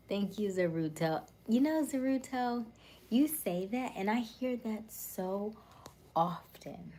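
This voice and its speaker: A woman hosting a casual live stream, chatting with viewers in a soft, soothing, warm and calm voice that often sinks to a near whisper. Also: medium pitch, slow, slight background noise.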